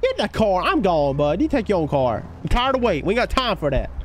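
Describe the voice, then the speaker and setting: A man's voice: high-pitched, huge pitch swings, fast talker, a little hiss or hum. A man live-streaming a shooter game, chatting with teammates and viewers in a hyped, slangy way, calling everyone baby and bro. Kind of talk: casual gameplay chat with teammates and viewers.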